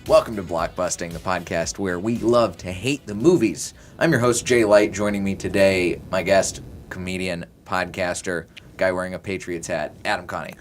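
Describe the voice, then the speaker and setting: A man's voice: deep voice, normal speed, soft background music. A man hosting a comedy podcast in casual chat, joking and laughing as he talks. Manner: joking, laughs while talking. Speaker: podcast host.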